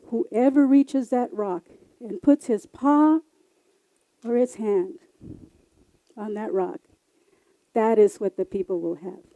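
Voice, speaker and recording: A woman telling traditional and family stories live on stage, lively and expressive. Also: mid-range voice, no room sound, dull audio. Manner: lively, expressive, varies loud and soft. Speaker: storyteller. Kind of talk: live oral storytelling.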